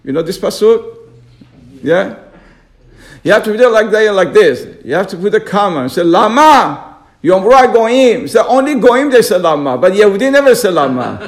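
A man's voice: sits high, very animated, brisk. A man teaching a Torah lesson on the radio, emphatic, acting out people's complaining questions.

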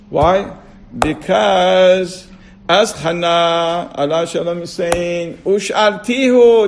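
Man, religious teacher, high-pitched voice, gravelly edge, casual lecture, rhetorical questions, repeats himself. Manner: keeps asking rhetorical questions and repeating words; checks on listeners with short asides. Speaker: Torah teacher.

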